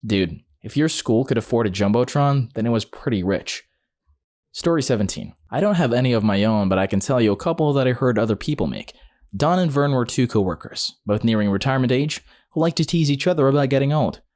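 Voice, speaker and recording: A man's voice: mid-range voice, lively intonation, a little fast, darkish tone. A man narrating a series of online stories in a scripted read-aloud style, speaking quoted lines in his own voice. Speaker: story narrator.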